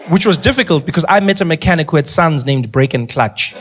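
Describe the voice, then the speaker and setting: A man's voice: on the high side, fast, a little hiss or hum. Male stand-up comic. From South Africa. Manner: relaxed storyteller who mimics voices. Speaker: stand-up comedian. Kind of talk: stand-up storytelling.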